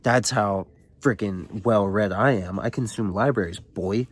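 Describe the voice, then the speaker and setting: A man's voice: on the low side, unhurried, husky, dry recording. A man recapping a novel in a joking, casual way with wry asides. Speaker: book vlogger.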